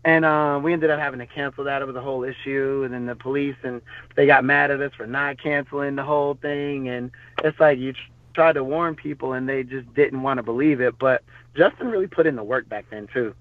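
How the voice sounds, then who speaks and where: A man's voice: mid-range voice, steady tone, a little fast. A man, a podcast guest, telling stories in a loose, rambling way with many fillers and restarts. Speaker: podcast guest, former bodyguard. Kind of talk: casual storytelling interview. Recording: tinny phone-line sound.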